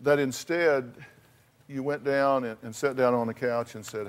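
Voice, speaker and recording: Speaking at an ordinary pace, this man has a clean, mid-range voice with fairly even intonation. As a talk show host, he confronts his guests with blunt advice, stressing his points, repeating words, and using folksy expressions.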